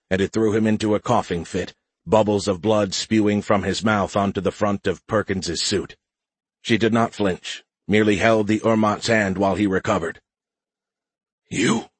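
Husky low-voiced male narrator. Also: no echo. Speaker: audiobook narrator. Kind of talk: scripted narration.

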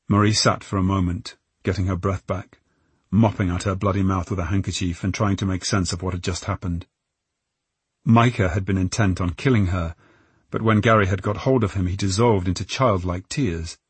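A male audiobook narrator tells the story at a measured, tense pace. His voice is low and husky. The sound is dry and close to the microphone. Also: no room sound. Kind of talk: scripted narration.

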